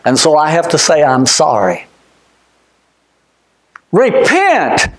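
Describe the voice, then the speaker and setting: A man preaching a fervent sermon. He shouts some points, drops to quiet asides for others, and often repeats or restarts his words. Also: fairly high pitch, huge pitch swings, slow pace. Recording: echoey room.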